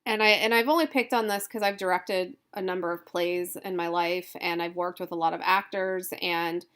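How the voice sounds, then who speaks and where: A woman's voice: fairly low pitch, fairly even intonation, moderate pace, a bit bright, smooth. A woman college instructor giving a recorded lecture, informal and thinking aloud as she goes.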